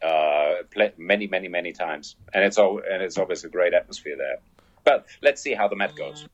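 A man's voice: sits low, animated, brisk. German-accented man on a lo-fi line. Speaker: guest musician. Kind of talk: remote interview. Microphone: remote call line. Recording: dull lo-fi call line.

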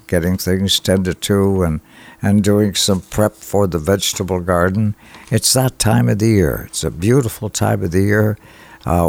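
A man hosting a radio show, introducing songs and reading listener greetings in an enthusiastic, halting way full of fillers. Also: sits low, gravelly, no echo. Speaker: radio host. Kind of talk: radio dedications and song intros.

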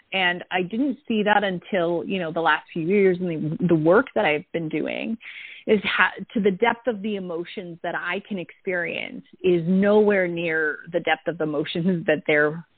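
A middle-aged woman with a slightly low, husky voice talks openly in a relaxed conversation. She tells personal stories in a reflective way. The sound is thin and dry, like a call line. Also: dry recording. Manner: candid, storytelling, reflective. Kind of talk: casual conversation. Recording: tinny call audio.

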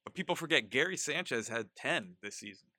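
A man's voice: mid-range voice, expressive, brisk, bright, forceful tone, dry recording, clean studio sound. A man co-hosting a sports podcast, teasing his partner in a joking way. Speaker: podcast co-host. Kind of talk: casual sports podcast chat.

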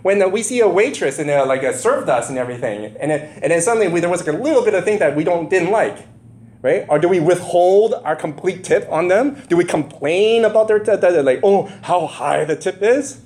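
A man's voice: high-pitched, animated, a little fast, darkish tone. A man preaching a conversational sermon, firing rhetorical questions at his congregation and building to emphatic, impassioned stretches. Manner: emphatic, rising to impassioned bursts. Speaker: pastor.

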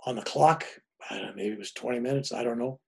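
A fast-talking older reverend, here as a guest, has a mid-range, slightly rough voice with vocal fry. He animatedly tells a long personal story in a casual way, imitating the voices of the people involved.

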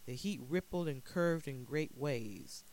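A man narrating a dark short story in a measured, dramatic way. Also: a little high, poor audio.

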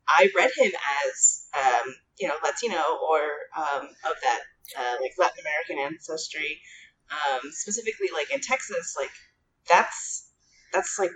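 A woman on a casual podcast with a somewhat low voice. She talks hesitantly, leaning on "like" and "um", and a faint hiss of noise sits under her. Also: fairly bright tone, rough recording. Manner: hesitant, heavy use of "like" and "um". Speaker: podcast co-host. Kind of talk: casual chat.

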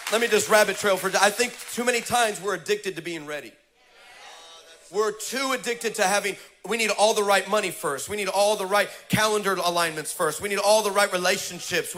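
Male pastor, high bright voice, lively sermon with shouts and laughs. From Mexican heritage. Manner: animated, shouting, laughing preacher with quick asides. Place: church stage.

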